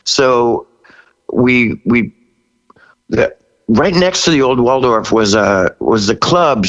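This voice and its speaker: A man in his sixties, a rock singer guest, telling stories in an interview with animated energy, laughing and acting out what people said. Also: medium pitch, takes it slowly, dull audio. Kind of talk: storytelling interview.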